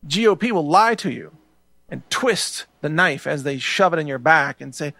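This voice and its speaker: A man's voice: fairly high pitch, animated, normal speed, vocal fry, sharp tone, no echo. A middle-aged man hosting a political show, speaking in a heated, ranting monologue that often repeats words. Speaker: show host.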